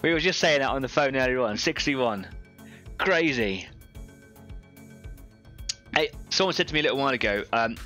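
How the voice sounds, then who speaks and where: Guy in his 30s rambling away on a live hobby stream, bright tense-ish voice, faint music behind. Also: medium pitch, expressive, normal speed, pauses often. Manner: rambling, friendly, chatty asides. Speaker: host of a live painting show. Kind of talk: casual live-stream chat. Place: home hobby workbench.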